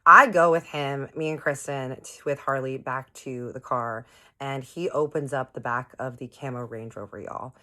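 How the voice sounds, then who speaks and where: With a very deep voice and a moderate pace, this storytime vlogger recounts something that happened to her. She keeps it chatty and animated for her viewers, voicing the quoted lines of everyone involved.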